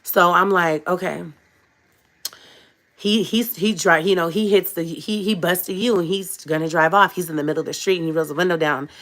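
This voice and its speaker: A woman vlogger telling her viewers a personal story in a casual, animated way, full of slang and asides, laughing often and swinging between hushed and loud. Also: fairly low pitch, moderate pace.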